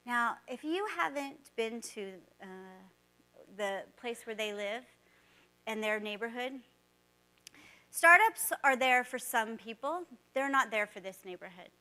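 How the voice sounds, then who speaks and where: A woman, a former teacher, giving a storytelling keynote talk in an animated way, acting out the dialogue she quotes. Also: a little high, unhurried.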